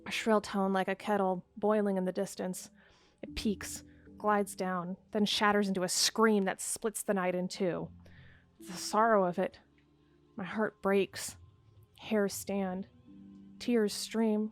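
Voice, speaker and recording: A woman hosting a let's play, reading a text game aloud in a calm, measured way and breaking off to chat hesitantly about it. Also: mid-range voice, soft background music. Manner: calm, measured narration, with hesitant, searching commentary.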